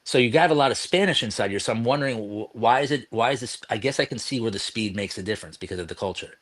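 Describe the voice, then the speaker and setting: A man's voice: medium pitch, lively intonation, fast, fairly bright tone. A man chatting casually on a video call, asking curious questions with lots of fillers. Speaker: guest.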